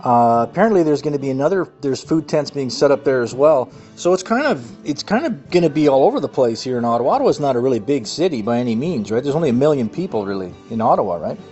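A man hosting an activist livestream, talking in an excitable, rambling way full of fillers. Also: medium pitch, fast talker, few pauses. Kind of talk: excited casual monologue. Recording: muffled audio with faint music.

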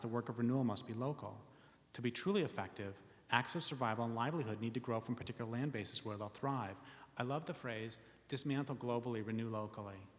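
Man giving a talk in a reverberant hall. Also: medium pitch. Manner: earnest, with wry asides and many ums. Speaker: speaker reading from his book. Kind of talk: public talk reading premises to an audience.

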